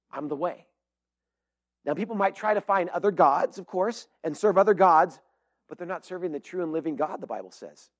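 High-voiced earnest male pastor. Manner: earnest, emphatic, with frequent fillers and restarts. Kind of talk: sermon.

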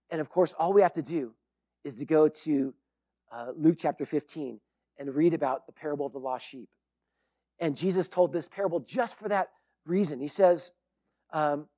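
A man with a high-pitched voice preaching a sermon. He talks in an earnest, conversational way, and the sound is dry and close. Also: moderate pace, long pauses, mellow, no echo. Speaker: pastor.

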